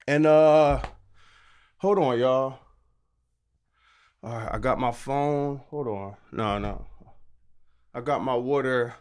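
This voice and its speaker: A man ranting on a live stream about wrestling, exasperated and sarcastic, sometimes bursting into shouts. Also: fairly high pitch, clear, resonant tone.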